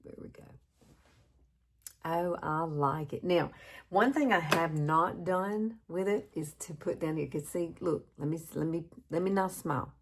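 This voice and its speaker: Southern lady in her 50s, deep voice with some fry, chatty makeup tutorial, laughs at herself. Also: measured pace. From Alabama, US. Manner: chatty, self-teasing, laughs often. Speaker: beauty vlogger.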